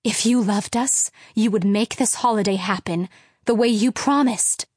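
A woman's voice: mid-range voice, normal speed, darkish tone, no echo, clean studio sound, lightly acted. A woman reading a furious, fed-up mother. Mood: angry. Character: mother, fed-up wife, angry and tearful. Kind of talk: audiobook character reading.

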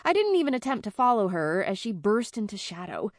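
A woman narrating a first-person fantasy audiobook in an even, conversational way. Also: medium pitch, brisk, no room sound, clean studio sound.

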